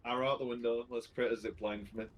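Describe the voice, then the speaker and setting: A man playing a tabletop game who talks casually and haltingly, with many fillers. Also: mid-range voice, flat delivery. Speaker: player.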